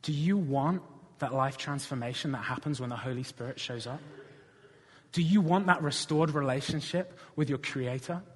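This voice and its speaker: A man's voice: mid-range voice, normal speed, husky. A man preaching a sermon, telling a personal story with earnest conviction and then building to passionate appeals to the congregation. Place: church. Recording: reverberant church hall.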